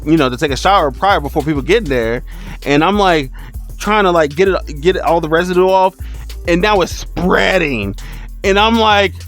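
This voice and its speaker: A man telling a funny storytime as a streamer, animated, laughing and exclaiming as he goes. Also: high-pitched, moderate pace, faint music behind. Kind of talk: storytime vlog.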